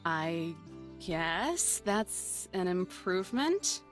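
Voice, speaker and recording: A man voicing a dry, tired young woman park ranger in a visual novel read-aloud, with a flat, level-headed way of talking. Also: high voice, very slow, music in the background, voice pushed up, exaggerated voice. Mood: wry.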